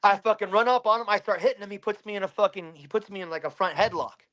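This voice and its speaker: A bare-knuckle fighter from Pennsylvania tells a story during an interview, his voice sitting high and moving fast. He's animated and swears constantly.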